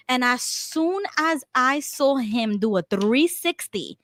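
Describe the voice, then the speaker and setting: A woman's voice: sits high, expressive, takes it slowly, hardly any pauses, a little hiss or hum. A woman co-hosting a casual political talk stream, chatting, laughing often and reading out viewer comments. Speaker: co-host.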